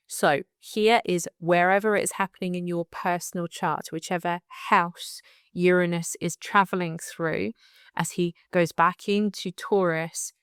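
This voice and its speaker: A woman astrologer with a slight lisp, giving a calm and unhurried monthly forecast. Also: fairly low pitch, clear, resonant tone, dry recording, clean studio sound. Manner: calm and unhurried, laughs at tricky numbers.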